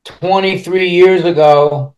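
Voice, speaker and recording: A man's voice: high voice, fairly even intonation, slow, darkish tone. A man speaking as a podcast guest, telling a personal story candidly and bluntly, swearing freely and restarting his sentences as he rambles on.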